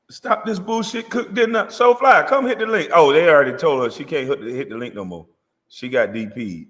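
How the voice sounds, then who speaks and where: A man's voice: medium pitch, a bit bright, in a large hall. A man hosting a livestream, ranting boastfully and profanely and laughing often. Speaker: livestream host. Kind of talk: comedic livestream rant.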